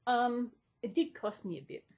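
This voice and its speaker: A woman's voice: a little high, moderate pace, a little mellow. Gushing, rambling woman vlogger. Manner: rambling, gushing with many gasps and restarts. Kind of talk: casual unplanned chat.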